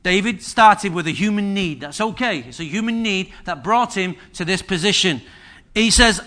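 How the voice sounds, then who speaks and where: A man's voice: sits high, moderate pace, pushed and bright. A male pastor preaching a sermon in a humorous, conversational way, full of repetition and asides to the congregation. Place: church service.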